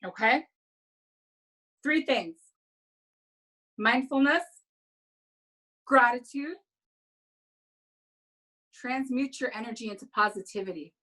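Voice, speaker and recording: A woman's voice: on the high side, takes it slowly, long pauses, sharp tone, poor audio. A woman of Caribbean heritage giving a motivational talk on a video call, coaching her audience through affirmations with lots of energy. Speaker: speaker at an online women's event.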